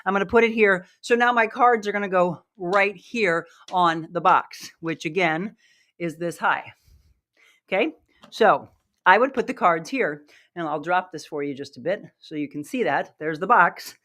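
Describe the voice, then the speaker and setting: A woman's voice: on the low side, moderate pace, a bit bright. Breathless woman coaching a live workout. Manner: upbeat, coaching, demonstrating while moving. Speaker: fitness instructor.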